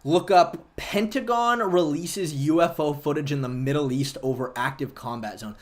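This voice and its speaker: A man's voice: on the high side, normal speed. A man hosting a livestream, chatting casually and argumentatively with viewers and swearing freely. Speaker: livestream host.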